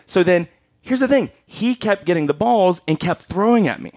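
A man's voice: high-pitched, lively intonation, moderate pace, a little mellow, no echo, clean studio sound. A man telling a funny story in casual chat, acting out quotes and laughing often.

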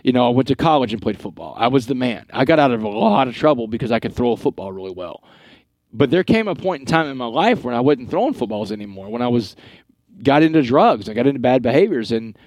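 A middle-aged man from Texas, a guest telling his life story in an earnest, animated way with quoted dialogue. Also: mid-range voice, fast talker, dry recording. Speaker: guest speaker. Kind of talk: storytelling interview.

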